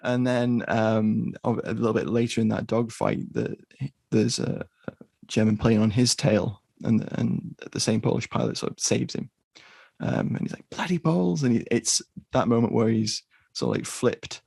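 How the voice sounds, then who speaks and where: A man talks casually as a podcast co-host. His voice is low, with a gravelly, husky texture, and the recording is dry and close. He often stops and restarts his sentences. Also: little pitch movement, normal speed, darkish tone, no room sound. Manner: hesitant, many restarts.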